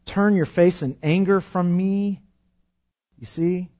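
A man preaching a sermon, rising loud and fervent when reading scripture and dropping to a soft, quiet tone when explaining it. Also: high voice, steady tone, slow pace, highs cut off. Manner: impassioned, swells loud on scripture then drops soft. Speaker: pastor.

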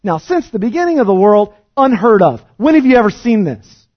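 Man playing a healed blind man, defiant, mocking, emphatic, fairly high voice, dull dry sound. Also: very animated, fairly quick, no room sound. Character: formerly blind man boldly rebuking religious leaders.

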